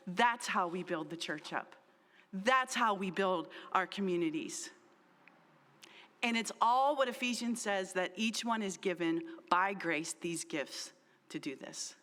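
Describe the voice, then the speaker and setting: A woman's voice: on the low side, fairly bright tone. A middle-aged woman pastor preaching a sermon in an earnest, emphatic way, repeating key phrases for weight. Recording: long reverb of a large hall.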